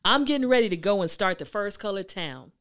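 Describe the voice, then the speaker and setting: A woman voicing a smooth-talking man who makes persuasive promises in a lowered voice. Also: animated, fairly quick, fairly bright tone, dry recording, clean studio sound, close to an everyday voice. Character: smooth-talking man courting a young wife.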